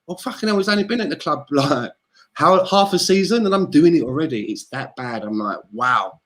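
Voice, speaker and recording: A man's voice: fairly high pitch, lively intonation, brisk. A man, co-hosting a football podcast, ranting and swearing in exasperation. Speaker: podcast co-host. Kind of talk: casual football fan chat.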